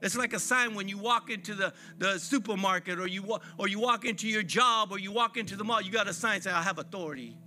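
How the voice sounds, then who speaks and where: A man's voice: high-pitched, steady tone, quick pace, few pauses, pushed and bright, faint music behind. A man preaching a sermon at a church service, fervent and repetitive, calling out to the congregation. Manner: fervent, repetitive preaching with call-and-response phrasing.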